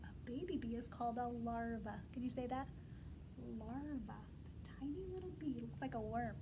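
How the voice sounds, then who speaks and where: A woman teacher with a high voice reads a storybook to young children. She is animated and coaxing and keeps inviting them to say the words with her. A faint hum of the room sits behind her. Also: moderate pace. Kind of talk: storybook read-aloud lesson for young children.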